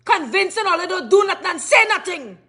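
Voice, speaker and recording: A woman's voice: very high voice, big pitch swings, fairly quick, creaky, fairly bright tone. A woman with a Trinidadian accent in an angry rant to camera, cursing and firing off repeated questions. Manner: furious, cursing, repetitive questioning.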